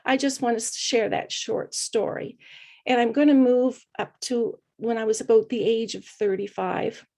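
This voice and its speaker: A middle-aged woman, a podcast guest, telling her personal story in an earnest, reflective way with hesitant pauses. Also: fairly high pitch, steady tone, warm tone. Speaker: guest speaker.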